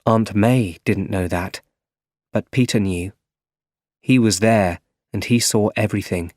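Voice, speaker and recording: A man narrating a story for English learners in a clear, measured reading. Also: on the low side, darkish tone, no room sound. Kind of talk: slow scripted story narration. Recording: dry close recording.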